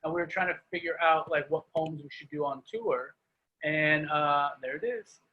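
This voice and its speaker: A man's voice: on the high side, normal speed, dull audio. A middle-aged man, a performance poet, doing a comic spoken-word reading over a video call. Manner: animated, comic delivery.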